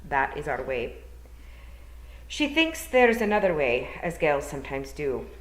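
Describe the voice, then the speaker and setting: A woman voicing a tiny, shrewd, dying old pixie clan mother who speaks slowly and weakly in a put-on Scottish accent. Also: low-pitched, very animated. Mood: commanding. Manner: slow, weak, murmuring. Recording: roomy echo.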